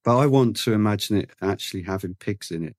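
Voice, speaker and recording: A man's voice: fairly low pitch, quick pace, a little mellow, no room sound, clean studio sound. A man co-hosting a podcast, making wry, matter-of-fact remarks in casual chat. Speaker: podcast co-host.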